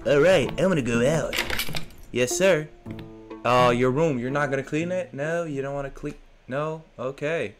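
A man's voice: mid-range voice, moderate pace. A young man casually commenting while playing a game, joking and talking back to the characters in slangy speech. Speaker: gaming streamer. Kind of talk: let's play commentary. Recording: faint game music behind.

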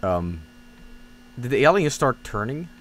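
A man's voice: medium pitch, very animated, normal speed. A man streaming a game, chatting casually and swearing as he rambles through tasks and stories. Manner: rambling, profane, easily startled. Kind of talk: casual gameplay commentary.

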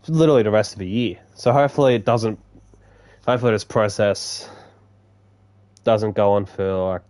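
A young man streaming a game, chatting casually with viewers in a rambling, relaxed way, swearing now and then and restarting his sentences. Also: lowish voice. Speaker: gaming streamer. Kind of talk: casual live-stream chat while gaming.

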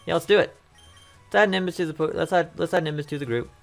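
A man commentating his own video game run in a casual, rambling way, often repeating himself as he thinks aloud. His voice is wearing thin and going hoarse. Faint game music sits behind him. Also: fairly high pitch, fast. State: losing his voice. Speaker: let's play host.

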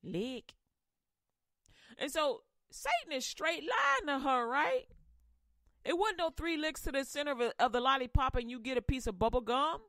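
Woman podcast host, comedic Bible storytelling, lively pitch, playful, dry close sound. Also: moderate pace, no echo. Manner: animated, playful, preachy.

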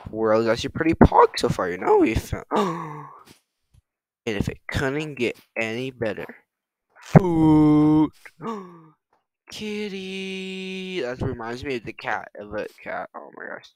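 A man giving excitable let's-play commentary on a survival game, swearing often and talking to his chat. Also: mid-range voice, moderate pace, dry recording. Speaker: gaming streamer. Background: background music.

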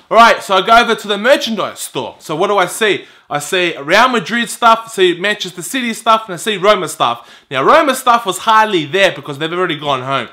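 A young man in his twenties tells a story straight to camera, loose and chatty, acting out each exchange with exasperated energy. His voice sits high for a man, with a bright, forward edge. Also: a little fast. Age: 20s. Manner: animated, exasperated, acts out quoted exchanges. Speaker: YouTuber telling a story.

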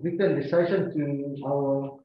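A man's voice: medium pitch, steady tone, measured pace, a little hiss or hum. A man moderating a webinar over a video call, polite, often repeating words as he restarts. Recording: echoey muffled call audio.

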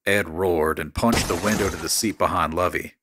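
Deep-voiced man narrating a horror story. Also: fairly even intonation, normal speed, background noise.

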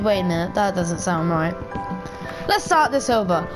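A woman's voice: mid-range voice, lively intonation, unhurried, over music. Rambling young woman playing a game. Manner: rambling, giggly, crude jokes, talks to herself. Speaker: gameplay commentator. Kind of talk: casual let's-play commentary.

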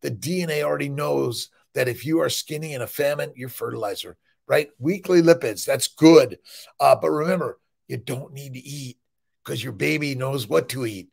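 This energetic motivational monologue comes from a middle-aged male fertility doctor on a morning livestream; he's emphatic and rambling, sprinkling in "listen," "right?" and blunt, profane asides. His medium-pitched voice has vocal fry, a darkish, slightly rough tone, and a moderate pace.

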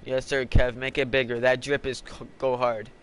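A man's voice: medium pitch, flat delivery, normal speed, fairly bright tone, smooth. A young man casually commenting while playing a basketball video game, swearing and trash-talking in slang. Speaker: gamer streaming a basketball game.

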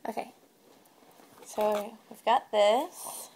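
A woman's voice: mid-range voice, slight background noise. Chatty woman opening trading cards. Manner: chatty and easily excited, with quick reactions. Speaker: video co-host. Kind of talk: casual card-opening chat.

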